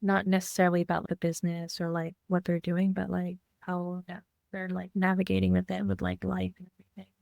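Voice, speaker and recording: A woman co-hosting a podcast, speaking softly and reflectively in casual heartfelt chat. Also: lowish voice, completely flat delivery, fairly quick, vocal fry, dry recording, studio quality. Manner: reflective, soft-spoken, many fillers. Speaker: podcast co-host.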